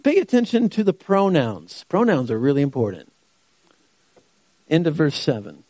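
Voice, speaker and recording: A man's voice: on the high side, very animated, normal speed, dark tone, no room sound. Preacher man with rhetorical questions. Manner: asks rhetorical questions and repeats key phrases for emphasis. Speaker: pastor. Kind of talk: sermon.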